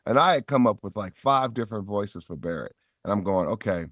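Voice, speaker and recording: Man, middle-aged, low voice, lively storytelling, dry close sound. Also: a little fast, no echo. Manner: animated, acts out quoted voices. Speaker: voice actor guest. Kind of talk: storytelling in a podcast interview.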